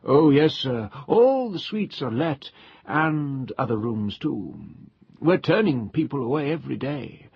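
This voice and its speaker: A man's voice: medium pitch, very animated, a little slow, creaky, slightly rough, dry recording, voice pushed up, exaggerated voice. A man voicing a humble, muddle-headed male hotel waiter who is deferential and keeps saying sir. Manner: deferential servant speech, calls everyone sir. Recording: dull lo-fi recording.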